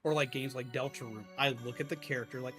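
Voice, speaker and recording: A male streamer chatting casually on a live stream, animated and swearing freely. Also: medium pitch, fast talker, faint music behind.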